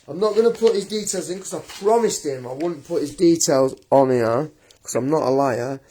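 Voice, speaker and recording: A man's voice: on the high side, normal speed, dark tone. A man ranting straight to camera in a blunt, combative, indignant vlog monologue. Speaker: vlogger.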